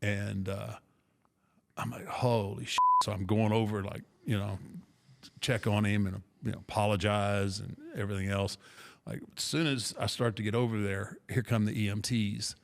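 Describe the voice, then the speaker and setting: A middle-aged man casually telling a rambling, self-deprecating story with restarts, in a gravelly voice. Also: lowish voice, flat delivery, normal speed. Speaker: podcast guest storyteller.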